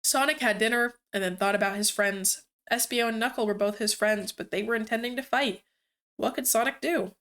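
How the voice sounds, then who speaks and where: A woman's voice: fairly high pitch, brisk, a bit bright. Brief: young female streamer, amused storyteller reading fanfic. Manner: amused, breaks off to comment.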